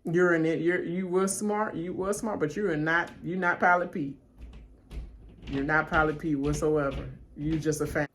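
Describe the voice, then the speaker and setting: A woman giving live reaction commentary to a reality show, slangy and animated, talking straight back at the people on screen. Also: moderate pace, slight background noise. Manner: animated, pitch jumps high when emphatic. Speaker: reaction channel host.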